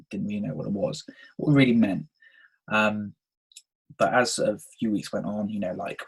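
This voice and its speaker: Young man, gravelly and husky. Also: fairly low pitch, low-quality recording. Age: 20s. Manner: chatty, frequent "um" and "okay?" check-ins. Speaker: podcast host. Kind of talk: casual personal storytelling.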